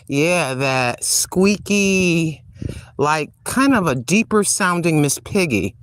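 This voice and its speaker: A woman's voice: low voice, expressive, slow pace, long pauses. An older woman hosting a casual livestream while walking outdoors on a street, chatty and rambling, laughing often as she digresses. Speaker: livestream host.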